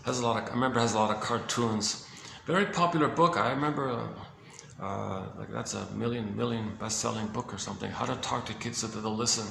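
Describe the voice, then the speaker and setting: A man giving a casual, halting explanation on psychology, often searching for words and repeating himself. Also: fairly low pitch, vocal fry, a bit bright, a little hiss or hum. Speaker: speaker on psychology. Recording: echoey room with faint ambience.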